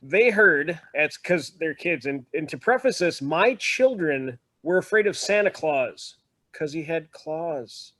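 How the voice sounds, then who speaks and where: A man telling animated, wry stories in a casual video-call chat. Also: a little high, a little slow, no room sound.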